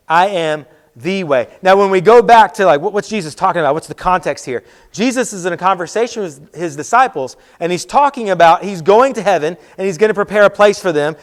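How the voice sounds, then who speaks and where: A man's voice: sits high, expressive, fairly quick. A man preaching at a youth event, conversational and repetitive, acting out quotes. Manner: conversational, repeats key lines, quotes with acted voices. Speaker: youth pastor. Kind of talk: youth sermon.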